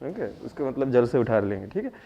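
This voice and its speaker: A man's voice: medium pitch, big pitch swings, racing, creaky. A man with an Indian English accent teaching an English class, switching into Hindi to explain words and quizzing his students. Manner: explains word meanings, asks the class questions, repeats key phrases. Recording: dull lo-fi classroom recording.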